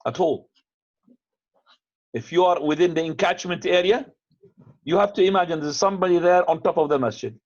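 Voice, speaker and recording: A man teaching in a casual, conversational way, mixing in Arabic phrases and restarting his sentences. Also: fairly high pitch. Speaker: teacher answering questions. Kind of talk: lecture with questions. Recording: dull, lo-fi upload.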